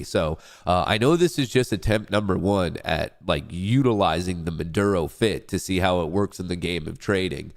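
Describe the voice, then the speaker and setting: A man's voice: sits low, moderate pace, vocal fry, hardly any pauses. A young man hosting a casual trading livestream, congested and stuffy-nosed, rambling and joking about himself between updates. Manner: rambling, joking, self-hyping. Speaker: livestream trading show host.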